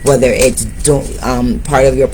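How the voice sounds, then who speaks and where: A man's voice: medium pitch, little pitch movement, measured pace, a little mellow, a little hiss or hum, low-quality recording. A man giving a tarot reading, speaking straight to his viewers and urging them on. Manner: motivational, addresses viewers directly. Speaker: tarot reader.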